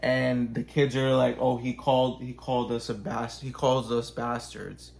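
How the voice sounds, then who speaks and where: A man in casual chat, telling a story in a loose, profane way full of "like", acting out characters in quick bursts. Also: mid-range voice, little pitch movement, gravelly, darkish tone. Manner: acts out characters with quick voice changes.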